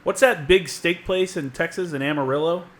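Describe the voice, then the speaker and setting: Laid-back podcast host, fairly high voice. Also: male voice, normal speed, fairly bright tone. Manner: laid-back, chimes in, swears casually. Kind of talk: casual chat.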